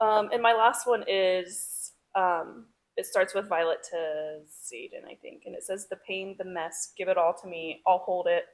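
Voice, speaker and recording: A woman's voice: lowish voice, steady tone, unhurried, hardly any pauses. A woman co-hosting a book club podcast, reading favorite quotes aloud between bursts of laughter. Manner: reads quotes aloud, giggly. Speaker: podcast co-host. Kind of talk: casual book club chat.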